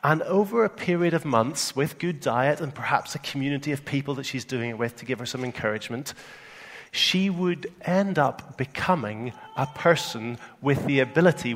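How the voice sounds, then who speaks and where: A Northern Irish man gives a sermon in an easy, conversational way, often stumbling over the first word of a phrase. His mid-pitched voice carries a long reverb from the hall he speaks in. He sounds like a preacher talking to his congregation rather than reading a script. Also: gravelly, a bit bright. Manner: conversational, repeats words when starting a phrase. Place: church hall in England.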